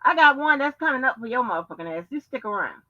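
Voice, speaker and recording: Brash, cursing high-voiced woman host. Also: big pitch swings, fast. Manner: brash, heavy cursing, taunting. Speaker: show host. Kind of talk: profane live-stream rant. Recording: dull lo-fi stream audio.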